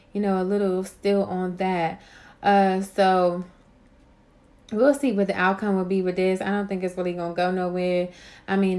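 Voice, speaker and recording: A woman's voice: a little high, gravelly. A young adult woman hosting a podcast, ranting in a casual, profane monologue and repeating catchphrases for emphasis. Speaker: podcast host.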